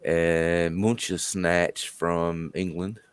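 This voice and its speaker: Low, slow male stream host, laid-back and chuckling, dry close sound. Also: steady tone, smooth, no room sound. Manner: laid-back, laughs often. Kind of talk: casual chat.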